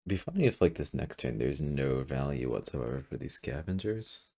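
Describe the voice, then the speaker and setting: At his computer, a man with a very low, gravelly, husky voice thinks aloud through a strategy game, his pitch swinging widely. He hedges, fills pauses and corrects himself mid-sentence in casual commentary, sitting a little back from his desk mic.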